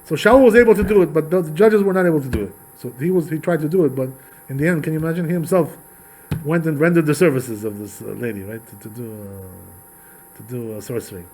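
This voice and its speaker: Brief: male rabbi, Torah class, conversational storytelling, fairly high voice, lots of checking in with the room. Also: fast talker, faint music behind, poor audio. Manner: conversational, repetitive asides, animated retelling.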